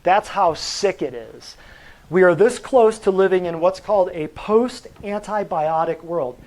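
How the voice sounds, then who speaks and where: A man teaching a natural health class, lecturing in an animated, preachy way and firing rhetorical questions at his students. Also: high-pitched, a little slow, poor audio.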